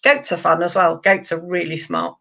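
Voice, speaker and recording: A woman who works as an animal communicator answers interview questions by telling anecdotes in a chatty, lively way full of fillers. Her voice is lowish with vocal fry at a normal speed, and the recording sounds slightly muffled and lo-fi.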